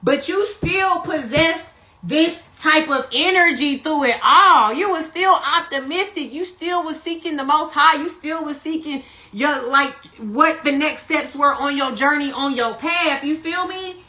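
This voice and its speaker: A woman giving a casual spiritual tarot reading on a phone live stream, animated and profane, who keeps checking in with her listeners. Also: high-pitched, measured pace. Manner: animated, profane, keeps asking "you see what I'm saying". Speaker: tarot reader.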